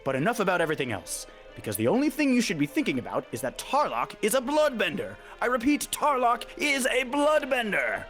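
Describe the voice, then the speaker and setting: A man doing a booming old-time radio announcer, declaiming every line with grand drama. The voice is pushed well above his usual pitch and swoops around a lot. It sounds like a recap straight out of a vintage broadcast. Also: wildly swooping pitch, brisk, hardly any pauses, fairly bright tone, faint music behind, full character voice. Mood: dramatic. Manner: bold, declaiming announcer delivery.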